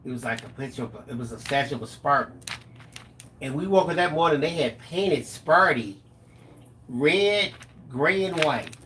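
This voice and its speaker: Middle-aged guy telling stories on a live stream, animated, acts out the quotes, faint hiss behind. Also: fairly high pitch, moderate pace. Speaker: co-host of a live craft stream. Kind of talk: casual storytelling chat.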